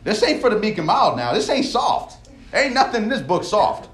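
In an echoey room, a young man coaching a devotional group gives a forceful, chatty sermon, repeatedly asking "all right?" to keep his listeners with him. His voice sits high and sing-song at a normal speed.

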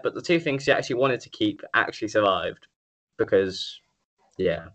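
Sharp in tone and medium in pitch, this tired young man from the UK speaks at a moderate pace while co-hosting a laid-back podcast chat. He jokes around, rambles, swears, and does mock announcer bits.

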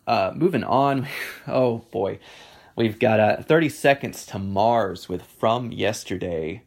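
A man's voice: fairly low pitch, slow, gravelly, darkish tone. A man giving casual solo commentary on songs, hesitant and offhand, with many ums and restarts and a dry sense of humor. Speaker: music reviewer.

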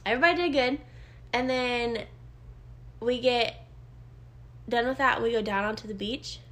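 A woman's voice: on the high side, moderate pace, fairly bright tone. A woman podcast co-host telling a trip story in casual chat, swearing often.

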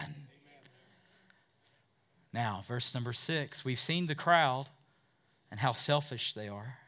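A man's voice: mid-range voice, pushed and bright. A man pastor preaching a sermon, emphatic, acting out quotes from listeners and scribes.

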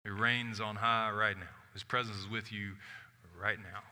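A man preaching a sermon as pastor, shifting from loud emphatic lines to hushed soft ones, with casual asides. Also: on the low side, flat delivery, normal speed. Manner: conversational asides with "like". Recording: long hall reverb of a church.

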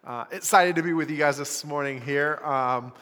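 Young man, youth pastor, relaxed chatty sermon, slightly high voice, recorded live in a reverberant church. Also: moderate pace. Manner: casual, conversational, lots of filler words.

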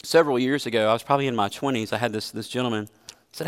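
A man's voice: medium pitch, very fast, clear, resonant tone, long reverb tail. A man preaching a sermon as a pastor, earnest and emphatic, mixing scripture with a personal story.

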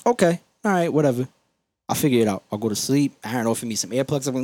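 A man hosting a podcast, telling stories in a profane, energetic, casual way. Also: medium pitch, quick pace. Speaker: podcast host.

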